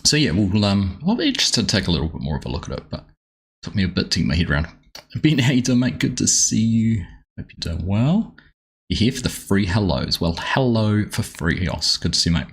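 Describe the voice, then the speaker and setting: Husky, low-voiced Australian man streaming. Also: very animated, brisk. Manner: chatty and rambling, greeting viewers by name. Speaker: game streamer. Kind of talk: casual live-stream chat.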